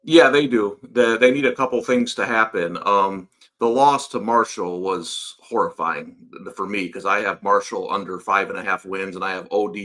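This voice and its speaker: A man's voice: low-pitched, bright, forceful tone. A man giving college football betting takes in a plain-spoken, candid way. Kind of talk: casual sports betting chat.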